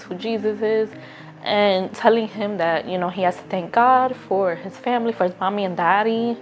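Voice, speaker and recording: A woman talking straight to her phone camera in a casual, earnest vlog, encouraging viewers and often stopping to restart a thought. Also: mid-range voice. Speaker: vlogger. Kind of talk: casual motivational talk to camera.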